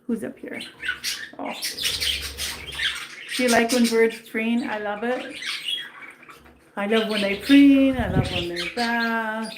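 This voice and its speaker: Chatty woman among chirping birds. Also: mid-range voice. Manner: chatty, rambling, coos at her birds. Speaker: pet channel host. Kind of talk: casual livestream chat. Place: indoor bird room. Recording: clear bird noise in the background. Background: birds chirping and squawking.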